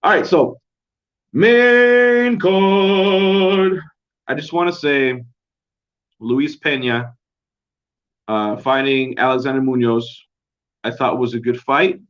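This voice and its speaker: A man's voice: mid-range voice, a little slow, pauses often. Profane, rambling young man, lo-fi. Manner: profane, rambling, laid-back. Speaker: podcast host. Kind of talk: casual solo recap. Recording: dull lo-fi home recording.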